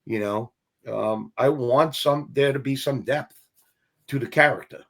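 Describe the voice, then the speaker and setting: A man's voice: medium pitch, unhurried, gravelly. A middle-aged man, an actor, telling stories casually in an interview and acting out the voices of people he quotes. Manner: animated, acts out quoted voices, swears casually. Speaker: actor guest.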